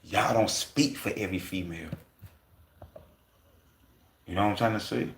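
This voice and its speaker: A man with a lowish voice holds forth on a livestream, rambling and swearing freely, and often stumbles and starts his sentences over. The room around him rings with a noticeable echo. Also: moderate pace, vocal fry, slight background noise. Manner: rambling, profane, full of asides. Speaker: livestream host. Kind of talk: casual livestream rant.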